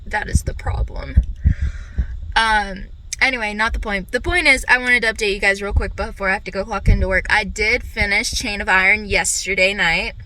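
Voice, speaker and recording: A young woman chatting casually in a book vlog, animated and quick to swear, filmed on a phone. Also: medium pitch, a little hiss or hum, poor audio. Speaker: book vlogger. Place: at her workplace before clocking in.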